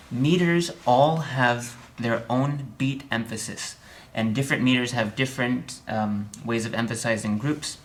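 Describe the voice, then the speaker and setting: Guy teaching music theory by a piano, mid pitch, keeps saying okay, dry jokes, bit of hiss. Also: a bit bright. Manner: explanatory, says "okay?" often, dry humor. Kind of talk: online lesson. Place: room with a piano.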